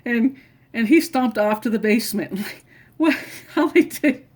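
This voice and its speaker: Mom telling family stories, rambly, keeps restarting sentences. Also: female voice, on the high side, measured pace, a little mellow. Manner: rambling, restarts often, chuckles while telling. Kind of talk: casual personal storytelling.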